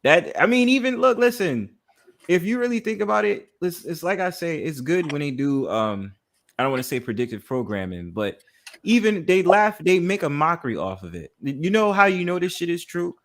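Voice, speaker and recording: A man's voice: on the high side, very animated, a little fast, slight background noise. Rambling, laughing man in casual chat. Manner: rambling, agreeable, laughs often, many ums. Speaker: podcast co-host.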